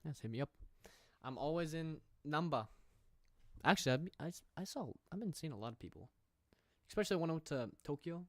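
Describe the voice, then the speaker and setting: A man's voice: fairly high pitch, expressive, brisk, no room sound, studio quality. Playful young man chatting on stream. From United States. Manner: playful, rambling, reads chat aloud. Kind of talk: casual live-stream chat. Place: at home, streaming setup. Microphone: studio microphone.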